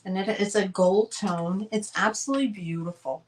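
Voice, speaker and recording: A woman's voice: medium pitch, moderate pace, a little hiss or hum, poor audio. A woman, hosting a live online sale in a chatty, gushing way and talking straight to her viewers. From northern United States. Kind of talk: casual live sale chat.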